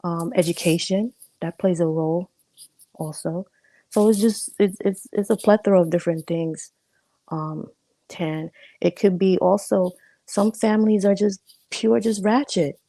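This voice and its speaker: A woman guest on a casual panel chat, talking in an animated, emphatic way and laughing often. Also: lowish voice, measured pace, no echo.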